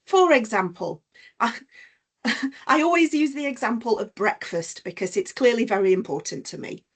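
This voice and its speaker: A woman's voice: a little high, expressive, normal speed, husky. A woman teacher giving an online punctuation lesson, explaining patiently with examples over a video call.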